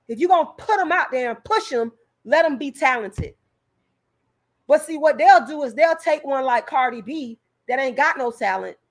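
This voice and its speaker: Heated, profane woman vlogger ranting. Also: sits high. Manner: profane, heated and emphatic, stumbling repeats. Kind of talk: direct-to-camera rant.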